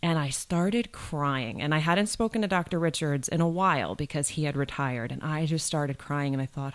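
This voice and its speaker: A woman's voice: deep voice, normal speed, few pauses. A middle-aged woman from New York State, a college provost, telling a personal story in an interview and acting out the voices she quotes.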